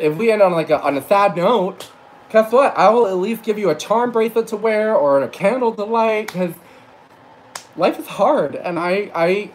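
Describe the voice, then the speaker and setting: A high-leaning male voice comes over a low-quality recording with a little hiss or hum. He's a tipsy psychic reader whose profane livestream monologue rambles and rants, punctuated by teary moments and self-corrections.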